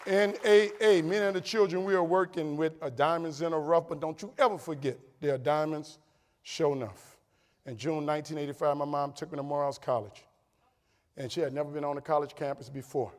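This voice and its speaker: Animated New Orleans man speaking in a hall. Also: on the high side, fairly quick. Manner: animated, acts out quoted voices, laughing asides. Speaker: keynote speaker. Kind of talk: motivational storytelling speech. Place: large hall with audience. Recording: long hall reverb.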